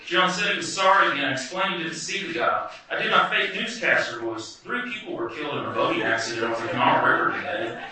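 Brief: male storyteller, wry and vivid, slightly higher voice, heard from far off in a very echoey room. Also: very noisy. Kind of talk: first-person personal story. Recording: very echoey room, distant mic, music behind.

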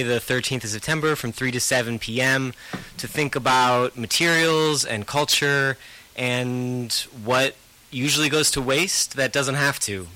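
Earnest bright-voiced man inviting listeners. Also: medium pitch, smooth, low-quality recording. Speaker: recycling center guest. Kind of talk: community outreach pitch.

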